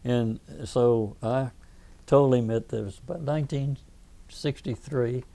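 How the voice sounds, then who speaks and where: Gravelly older Southern man reminiscing. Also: medium pitch, steady tone, a little slow, dark tone. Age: 80s. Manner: rambling anecdotal storytelling, frequent restarts. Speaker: veteran interviewee. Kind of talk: oral history interview.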